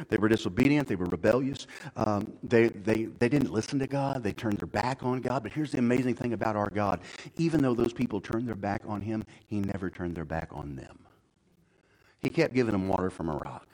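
A middle-aged man preaching a sermon in a conversational way, moving from low, quiet stretches to loud, high-pitched emphasis. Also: rough recording. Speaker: pastor.

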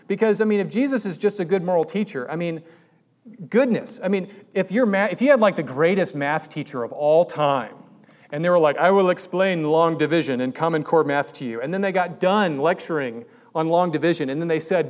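A man's voice: high voice, a little fast, a little mellow. A man preaching a sermon in a conversational way that rises to emphatic peaks. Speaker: pastor.

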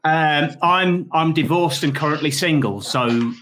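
A man's voice: fairly high pitch, unhurried, background noise. A man hosting a casual comedy chat show over a call, reading out viewer questions with a dry, teasing manner. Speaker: show host.

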